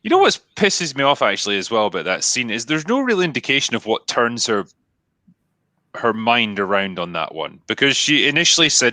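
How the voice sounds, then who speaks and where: A man's voice: medium pitch, a little fast, dry recording. A man hosting a casual panel chat, talking bluntly and with plenty of swearing. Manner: blunt, profane, animated. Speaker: host.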